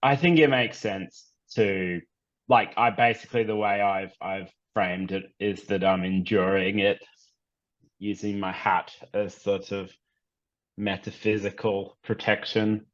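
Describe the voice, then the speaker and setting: A man playing a tabletop game, talking casually and haltingly about his moves. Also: lowish voice, fairly even intonation, muffled recording. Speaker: player.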